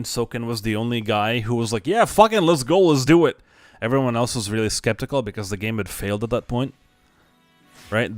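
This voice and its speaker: Excitable young man streaming a game. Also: mid-range voice, no echo. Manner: excitable, swears freely, laughs often. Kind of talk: casual live stream chat.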